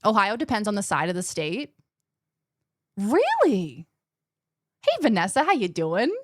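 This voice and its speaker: A woman's voice: mid-range voice, unhurried, no echo, clean studio sound. A young woman from Illinois with a faint mix of Midwestern and West Coast accents, chatting casually on a live stream, reading chat aloud and laughing easily. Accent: faint mixed Midwestern and West Coast American. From Illinois, USA. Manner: chatty, animated, laughs often, swears casually.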